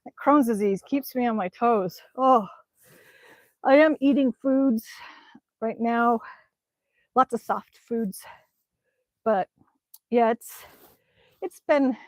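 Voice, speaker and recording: A woman's voice: a little high, slow pace, long pauses, dry recording, muffled recording. A woman chatting casually on a live stream outdoors in winter, rambling with many ums as she reads the chat. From Alaska. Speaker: vlogger reading live chat. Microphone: phone camera.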